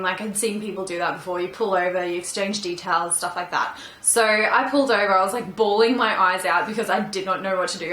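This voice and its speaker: A young woman chats through a story to camera in a bright, clear voice, peppering her speech with "like" and "um". Her voice echoes around the room she records in. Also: medium pitch. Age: young adult. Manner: chatty, frequent "like" and "um" fillers. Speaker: vlogger. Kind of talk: casual storytime monologue.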